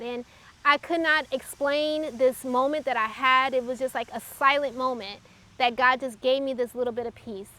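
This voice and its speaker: A woman telling a personal faith testimony in an earnest, reflective way, pausing often as she recalls events. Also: high voice, sharp tone. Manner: earnest, halting, reflective storytelling. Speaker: testimony speaker.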